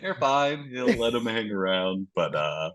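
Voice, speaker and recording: A man from Canada chatting as a podcast guest, swearing a lot and animated, often mocking others in put-on voices. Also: on the low side, measured pace. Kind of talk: casual podcast chat.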